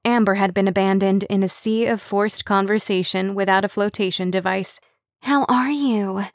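A woman's voice: mid-range voice, little pitch movement, normal speed, dry recording. Woman narrating an audiobook, dry and close. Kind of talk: scripted narration.

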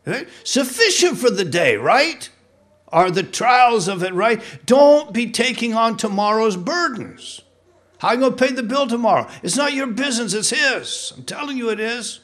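An American pastor preaches a sermon in a church sanctuary, his voice on the high side. He is animated and pressing, growing loud on key points and posing questions to the congregation.

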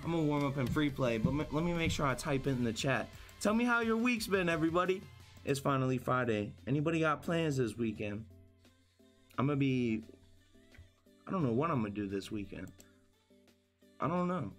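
A young man hosting a live gaming stream, chatting casually with viewers, upbeat and hyped, repeating himself and apologizing often. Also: a little high. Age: young adult. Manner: upbeat and hyped, greets chat by name, repeats phrases, apologetic. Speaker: livestreamer hosting viewer tournaments.

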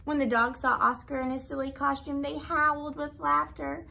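A woman teacher reading a storybook aloud in an expressive, animated way. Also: high-pitched, moderate pace, creaky, hardly any pauses.

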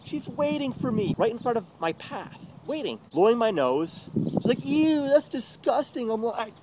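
Agitated young man ranting, lively pitch. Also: normal speed. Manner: bitter, agitated, heavy swearing. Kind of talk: profane confessional rant. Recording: noisy recording.

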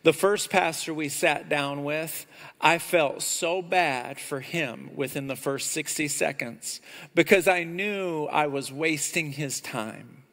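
High-voiced, animated preaching pastor. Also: male voice, slow pace, long reverb tail. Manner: animated preaching, rising loud on key points. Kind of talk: sermon. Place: church sanctuary.

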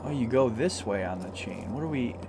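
Jumpy, lively gaming man. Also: medium pitch, brisk, gravelly, background noise. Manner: excitable, shouts in fright, talks himself through scares. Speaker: gamer. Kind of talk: let's play commentary.

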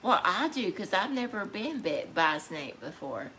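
A woman's voice: medium pitch, sing-song, normal speed, pushed and bright, a little hiss or hum. A woman, chatting eagerly on a live stream and jumping in over others. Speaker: host. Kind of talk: casual chat on a live stream.

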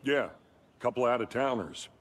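A man's voice: mid-range voice, lively intonation, normal speed, natural voice. A man playing a flustered small-town deputy. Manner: awkward, stammering, apologetic.

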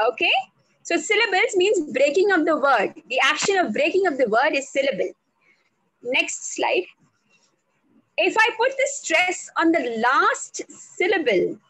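A woman teaching on a video call, slow and deliberate, spelling out words letter by letter. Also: sits high, fairly bright tone, no room sound, rough recording. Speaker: English language trainer. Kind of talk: online speaking workshop.

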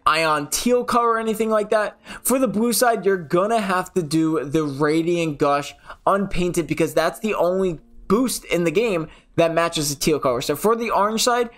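A man's voice: high voice, fairly bright tone. A young man from the New York area chatting casually over game footage, often correcting himself mid-sentence. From New York City area. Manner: chatty, self-correcting, rambling. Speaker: gaming channel host.

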